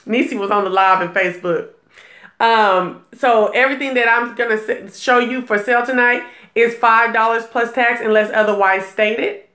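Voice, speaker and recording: A woman's voice: fairly high pitch, fairly even intonation, moderate pace, fairly bright tone, roomy sound. A woman hosting a casual live stream, chatting and gossiping with viewers while selling jewelry, laughing often and greeting viewers by name. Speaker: livestream jewelry seller and gossip host.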